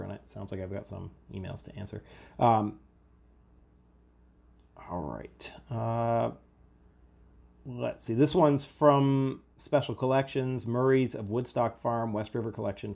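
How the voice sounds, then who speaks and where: Gravelly-voiced man teaching history. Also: lowish voice, mellow. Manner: conversational, explains with fillers and asides. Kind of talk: casual homeschool lecture.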